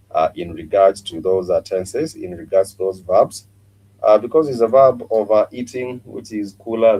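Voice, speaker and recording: A man's voice: low-pitched, darkish tone, slight background noise, poor audio. A man hosting a live-streamed Swahili lesson, talking casually with many fillers and repeated words.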